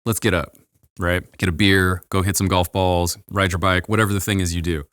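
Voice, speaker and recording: A man's voice: low-pitched, flat delivery, brisk, a bit bright, no echo, studio quality. A man in his thirties, a podcast host, giving casual advice in an earnest, rambling way with many restarts.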